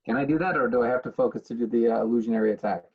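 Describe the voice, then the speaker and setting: A man's voice: medium pitch, racing, husky, highs cut off. A man playing in a tabletop game, asking rules questions with hesitant fillers. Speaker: player.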